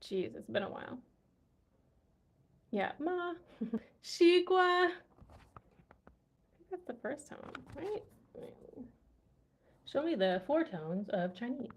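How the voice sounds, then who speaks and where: A woman's voice: on the high side, big pitch swings, a little slow, long pauses, slightly rough. A woman language vlogger chatting casually, musing aloud and laughing often as she recalls words. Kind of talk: casual livestream chat.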